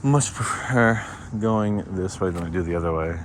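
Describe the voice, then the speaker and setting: With a low-pitched voice at normal speed, a young vlogger chats casually to his camera while walking outdoors near a street. He's rambling and self-conscious, restarting often and filling gaps, as street noise carries in the background.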